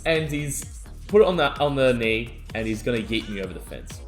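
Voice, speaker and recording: Young man, excitable storyteller, swooping pitch, faint music behind. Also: normal speed. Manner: animated, excitable storytelling, yelling out quoted lines. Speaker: podcast co-host. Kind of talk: casual storytelling chat.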